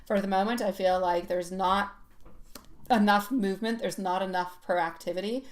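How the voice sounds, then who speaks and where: A woman giving a live tarot reading, chatting warmly with viewers, calling them sweetie and laughing often. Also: medium pitch, fairly even intonation, normal speed. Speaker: tarot reader.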